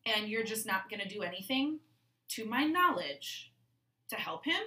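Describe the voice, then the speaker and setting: Woman, podcast co-host, emphatic, swearing, bright tone, echoey bathroom recording. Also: medium pitch, big pitch swings, normal speed, recorded from a distance. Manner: emphatic, swears when angry. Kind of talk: casual true-crime podcast chat.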